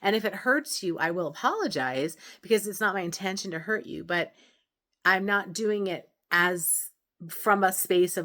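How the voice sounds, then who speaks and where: A woman's voice: medium pitch, lively intonation, moderate pace, sharp tone. A woman hosting a self-help video, talking casually and earnestly to camera, explaining her points with frequent restarts and asides. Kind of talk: casual advice talk to camera.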